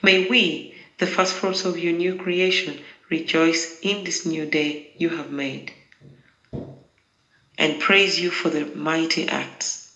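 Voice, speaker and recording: Prayer leader, unhurried liturgical recitation, crisp bright tone with some fry. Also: mid-range voice, fairly even intonation, lo-fi sound. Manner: slow, measured, solemn recitation. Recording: roomy echo.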